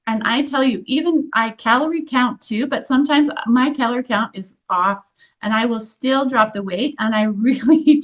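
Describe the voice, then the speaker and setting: A woman in her fifties leads a group through a guided workshop, her voice sitting a little high. She talks gently and earnestly, often restarting her sentences. The recording sounds dull and lo-fi. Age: 50s. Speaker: energy healing workshop leader.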